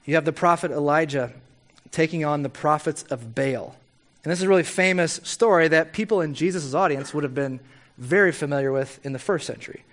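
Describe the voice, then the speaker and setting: Wry, animated male preacher with a higher voice. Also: a little fast. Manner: animated and playfully wry, with frequent tag questions. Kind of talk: conversational sermon.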